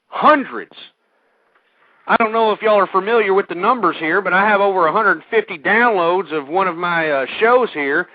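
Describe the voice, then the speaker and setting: A man's voice: high voice, no echo. A man hosting a radio show, ranting at listeners in a hostile, angry way. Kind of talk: ranting talk radio monologue. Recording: tinny phone-like dry audio.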